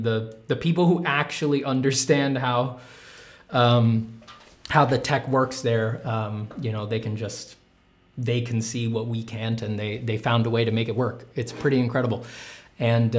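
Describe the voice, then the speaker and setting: A man hosting his art channel in casual livestream chat, rambling enthusiastically with many fillers. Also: mid-range voice. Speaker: artist and channel host.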